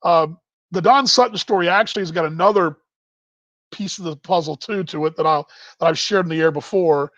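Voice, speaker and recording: High-voiced man telling a rambling baseball tale. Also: brisk, fairly bright tone, no room sound. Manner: rambling, self-correcting anecdote with many fillers. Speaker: baseball broadcaster. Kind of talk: casual storytelling on a live stream. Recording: dull, lo-fi, dry.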